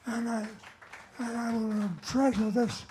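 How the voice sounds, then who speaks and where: An older man accepting an award on a nightclub stage, telling jokes in a halting, wandering way. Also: very high-pitched, little pitch movement, mellow, a little hiss or hum. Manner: halting and wandering, with lots of restarts. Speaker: award honoree. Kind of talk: rambling speech with told jokes.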